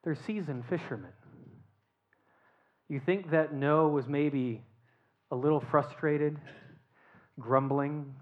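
Animated preacher on a dull lo-fi recording. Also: medium pitch, slow pace, pauses often. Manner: animated storytelling with rhetorical questions, dropping to a hushed tone. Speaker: pastor. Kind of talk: sermon.

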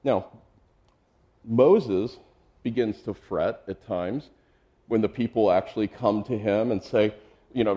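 Man, pastor, expository sermon, mellow warm tone, chatty asides, repeats words. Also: medium pitch. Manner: conversational, with asides and chuckles; repeats words while thinking.

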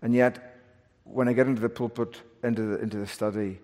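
A male pastor preaching an earnest, animated sermon from the pulpit, with touches of self-deprecating humor. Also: on the low side, a little fast. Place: church sanctuary, pulpit. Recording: long church reverb.

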